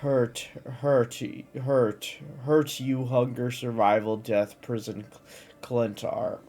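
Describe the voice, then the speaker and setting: A man's voice: mid-range voice, level tone, slow pace, mellow, slight background noise, lightly acted. A man voicing fearful, threatening jungle spirits. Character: frightened hostile parasitic jungle spirits.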